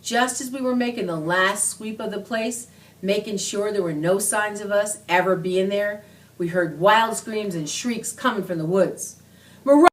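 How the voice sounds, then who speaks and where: A woman reading a children's book aloud in an earnest, expressive storytelling manner. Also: mid-range voice, measured pace, a little hiss or hum. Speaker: reader.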